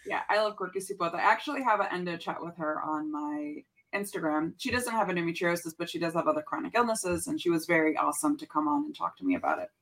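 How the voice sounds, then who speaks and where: Woman in her thirties, podcast guest, slightly low voice, candid, storytelling with fillers. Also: fast, hardly any pauses, a little hiss or hum. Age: 30s. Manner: candid, animated storytelling with frequent fillers and Spanish phrases. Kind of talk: casual conversation.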